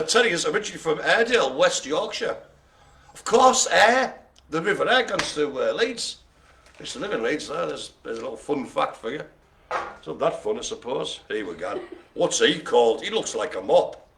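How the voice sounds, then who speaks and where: A man's voice: fairly high pitch, big pitch swings, normal speed, creaky, fairly bright tone, a little hiss or hum. A man hosting a live bingo game, joking and rambling in playful banter. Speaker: host.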